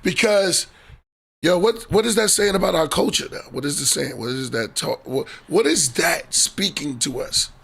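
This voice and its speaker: A man chatting casually as a podcast host, playful and quick to act out quotes in funny voices. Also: on the high side, expressive, vocal fry, a bit bright, breathy edge. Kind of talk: casual chat.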